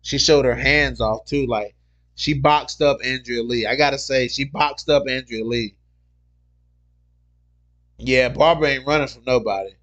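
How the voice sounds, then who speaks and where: A man hosting a casual MMA livestream, reading viewer comments aloud and talking in an excitable, slangy way that loops back on the same point. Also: mid-range voice, measured pace, pauses often, highs cut off. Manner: excitable, repeats himself, slangy.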